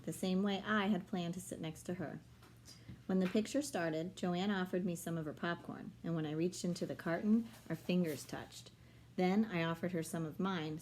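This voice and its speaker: A woman's voice: on the low side, a little hiss or hum. Woman reading a children's novel aloud. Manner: steady storytelling. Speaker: reader.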